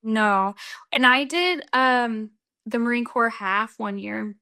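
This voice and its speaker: Chatty American woman from Texas, high voice. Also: takes it slowly. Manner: chatty, laughs often, animated storytelling. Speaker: guest runner. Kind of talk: casual podcast interview.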